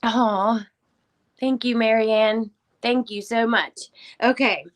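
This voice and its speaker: Speaking slowly in a slightly high voice with fairly even intonation, a female livestream host chats casually with her audience. She is holding back tears, names viewers as she thanks them, and frequently drops to a whisper.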